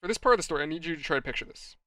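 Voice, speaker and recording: A man's voice: fairly high pitch, rapid-fire, dry recording, clean studio sound. A man hosting a hobby channel, telling a rambling, exasperated anecdote straight to his viewers. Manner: animated, exasperated storyteller, addresses viewers. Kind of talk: rambling anecdote while model building.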